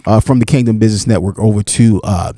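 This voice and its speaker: A man's voice: lowish voice, fast, dark tone, no echo, studio quality. A man hosting a casual live audio-room talk show, opinionated and preachy, often repeating and restarting words.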